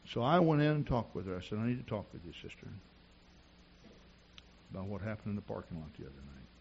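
A man preaching a sermon in a church, telling personal stories and rising to shouts at the climax. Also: on the low side, lively intonation, fast talker, lo-fi sound, a little hiss or hum. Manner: storytelling preacher who builds to shouting.

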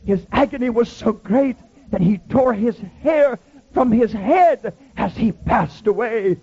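A man's voice: very high voice, expressive, takes it slowly, dark tone, slightly rough, highs cut off. A man preaching a Pentecostal sermon, telling dramatic stories with heavy repetition.

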